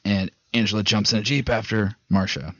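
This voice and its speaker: A man's voice: fairly low pitch, fairly even intonation, brisk, a bit bright, no echo. A man casually recapping a movie plot, rambling and swearing as he retells scenes, on a dull, dry recording.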